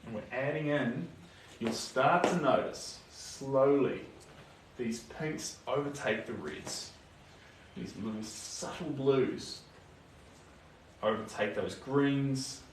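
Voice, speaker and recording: A man's voice: mid-range voice, slow, pauses often. A young New Zealand man with a New Zealand accent painting on a live stream, chatting casually, answering viewer comments and muttering to himself as he works. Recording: echoey room, distant mic, noisy.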